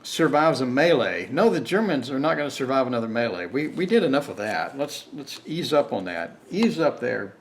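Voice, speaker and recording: A man's voice: mid-range voice, lively intonation, moderate pace, hardly any pauses, slight background noise. A man playing a board game alone on camera, reading cards aloud, counting and grumbling about bad luck. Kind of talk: solo playthrough commentary.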